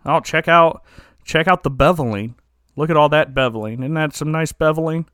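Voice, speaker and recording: A man's voice: fairly high pitch, moderate pace, fairly bright tone, smooth, no echo, close to an everyday voice. Guy putting on a chatty proud officer selling his desk, salesy, dry recording. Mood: boastful. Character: eager middle-aged male army officer showing off furniture.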